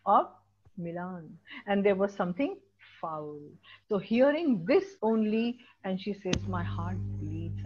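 Indian woman teaching a lively class. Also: fairly high pitch, highs cut off, a little hiss or hum. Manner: animated, mixes Hindi phrases, asks students questions. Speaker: English teacher. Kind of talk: classroom lesson.

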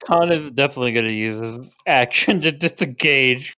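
Laughing, bright-voiced man running the game. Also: mid-range voice, normal speed, no echo. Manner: laughs often while narrating, casual and loose. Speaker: game master. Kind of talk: narrating a tabletop game.

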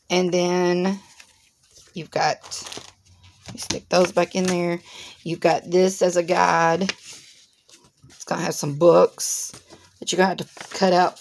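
Her voice sits lowish and a little mellow as she unboxes items for her crafting channel. She chats casually and instructively, talking directly to viewers.

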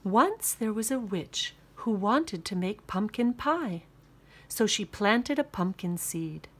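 A woman narrating a children's picture book aloud in a slow, unhurried manner. Her pitch rises and falls in a lively sing-song, and her tone is bright and clear. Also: slight background noise. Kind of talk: storybook read-aloud.

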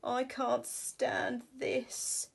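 A woman's voice: a little high, steady tone. A woman doing a tired, grumbling father bear. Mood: exasperated. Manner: slow, drawn-out complaining. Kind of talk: storybook reading.

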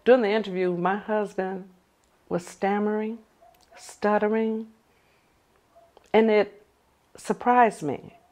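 An older woman telling a personal story with lively energy, acting out the conversations she recounts. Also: medium pitch, slow pace, long pauses. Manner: animated, acts out the dialogue in her story.

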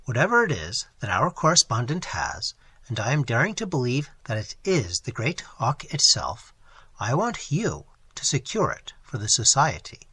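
A man reading the part of a calm, amused older male zoo professor with a dry, gently teasing manner. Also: medium pitch, normal speed, few pauses, slightly rough, dry recording, full character voice. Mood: hushed. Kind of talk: audiobook character reading.

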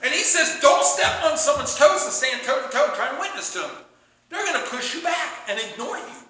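A man preaches with a high, sharply bright voice that swings widely in pitch. He tells stories in an animated, joking manner. The sound rings around a very echoey room. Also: a little fast, a little hiss or hum. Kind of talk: sermon.

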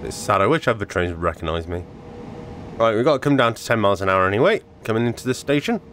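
Lively guy chatting thru a vr game, kinda tired and coughy, faint hum behind. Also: fairly low pitch, quick pace. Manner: excitable, chatty, giddy. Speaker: gaming video creator. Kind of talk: casual gameplay commentary. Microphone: wearing a VR headset.

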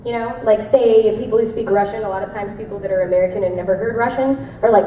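A woman's voice: a little high, quick pace, few pauses, mellow, far from the mic, a little hiss or hum. A young woman voice actress answering fan questions at a convention panel, chatty and laughing often as she tells stories. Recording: echoey hall, mic heard from afar.

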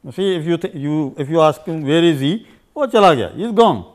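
A fairly high-pitched, fast-talking language teacher from India gives an unscripted grammar lecture with lively intonation. He explains at length, peppering his speech with "you see" and "uh," and repeats example phrases in two languages.

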